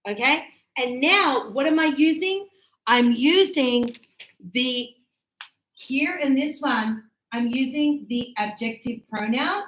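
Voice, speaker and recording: A woman's voice: high-pitched, slow pace, fairly bright tone, reverberant, poor audio. A woman teaching English grammar, patiently explaining with repeated examples and frequent check-ins. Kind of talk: slow classroom explanation.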